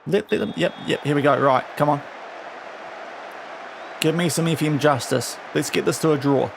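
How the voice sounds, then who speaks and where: A man's voice: a little high, normal speed, gravelly, background noise. A young man streaming a football management game, talking casually and scolding his virtual players in exasperation. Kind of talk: casual live-stream commentary.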